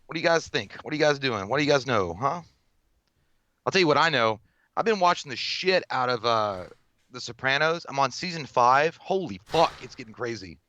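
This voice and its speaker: Bright-voiced man rambling, dry sound. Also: medium pitch, expressive, a little fast, dry recording. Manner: rambling and profane, lots of fillers and restarts, reads chat aloud. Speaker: podcast co-host. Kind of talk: casual live-stream chat.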